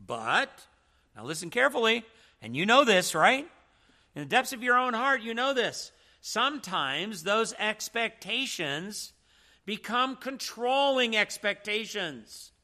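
A man's voice: high-pitched, big pitch swings, a little slow, pushed and bright. A man teaching a church seminar in a preaching style, emphatic and full of rhetorical questions.

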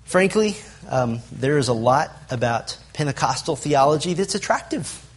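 A man's voice: on the high side, animated, moderate pace, husky. A man teaching a Bible lesson to a group, stressing lists and asking the room questions. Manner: asks the audience questions, emphatic lists.

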